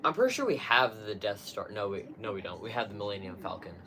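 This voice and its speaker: A man's voice: lowish voice, lively intonation, fast, crowd noise. A young man streaming live, chatting casually in a crude, slangy, ranting way full of swearing.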